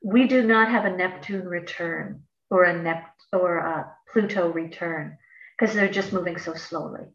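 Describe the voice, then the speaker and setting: A woman's voice: on the low side, unhurried. Woman explaining astrology, chatty and playful, sounds far from the mic, kinda roomy and dull. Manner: chatty and playful, laughs often, slangy asides. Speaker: astrologer guest. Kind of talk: casual explanatory chat.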